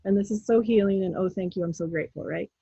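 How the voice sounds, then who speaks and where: A woman guest on an interview show, telling a story in a casual, animated way and acting out her own pleas and the words of others. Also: mid-range voice, fast talker, gravelly, slightly rough, no echo, lo-fi sound. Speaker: guest, intuitive healer.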